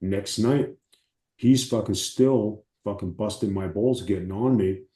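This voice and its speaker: A man with a low, dark voice tells his stories in an animated, salty way, often putting on the voices of the people in them. The sound is roomy and echoey. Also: unhurried. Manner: animated, profane storytelling with acted quotes. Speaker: interview guest, former wrestler. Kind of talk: casual storytelling.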